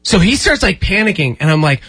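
A man's voice: high voice, fairly quick, breathy edge, soft background music. A man in his thirties telling a story in casual chat and acting out the voices of the people in it. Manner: animated, acts out voices in anecdotes.

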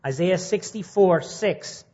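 A man giving an informal, earnest sermon to a men's group, swinging from quiet reflection to pointed, animated emphasis. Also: slow, husky. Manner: earnest, rising to indignant mimicry, then dropping quiet. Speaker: speaker at a men's ministry meeting. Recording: muffled low-fidelity recording.

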